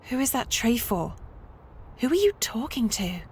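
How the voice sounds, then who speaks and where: A woman's voice: on the high side, big pitch swings, unhurried, husky, full character voice. Uneasy young woman in a horror game.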